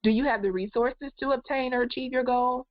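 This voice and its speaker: A woman's voice: high-pitched, a little fast, no room sound, dull audio. Encouraging woman coaching a webinar. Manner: encouraging, addresses viewers directly. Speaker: life coach hosting a webinar. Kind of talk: live goal-setting webinar talk.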